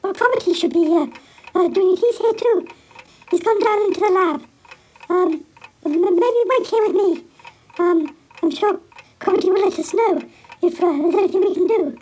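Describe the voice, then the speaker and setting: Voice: extremely high pitch, normal speed, long pauses, darkish tone. A performer voicing Ig, a timid, worried helper who stammers and hesitates and is out of breath. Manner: hesitant, many ums and stammers.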